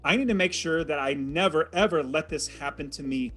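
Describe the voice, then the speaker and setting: A man's voice: a little high, a little fast, fairly bright tone, soft background music. Man telling a dramatic story. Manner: vivid, dramatic retelling with acted quotes. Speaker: podcast guest telling his story. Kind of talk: animated personal storytelling.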